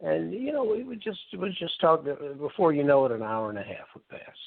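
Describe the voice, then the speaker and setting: A man's voice: a little high, very animated, brisk, vocal fry, no echo. A man co-hosting a podcast, reminiscing in an easygoing chat with fillers. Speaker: podcast co-host. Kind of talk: casual chat over a call. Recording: dry, tinny phone-line audio.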